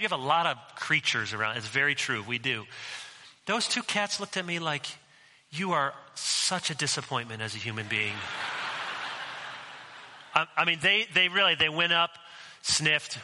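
A man's voice: mid-range voice, sharp tone, long reverb tail, rough recording. A man preaching a sermon as pastor, conversational and mixing in humorous asides.

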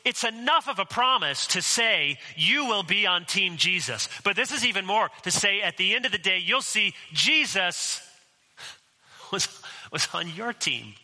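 Casting: male pastor, bright forceful voice, conversational sermon delivery with joking asides, slightly higher pitch, church hall reverb. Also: animated, a little slow.

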